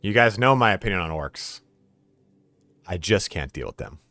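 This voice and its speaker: Man, game streamer, casual live chat, lively lowish voice, dry close mic. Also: normal speed, no room sound. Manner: chatty, laughs often, thanks viewers.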